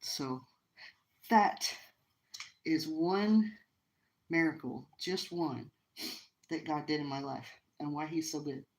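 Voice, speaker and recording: A middle-aged American woman with a low, deep voice hosts a live stream from home by the fire. She tells a personal story casually and earnestly, with emotion, frequent restarts, a slow pace and many pauses. The recording quality is low.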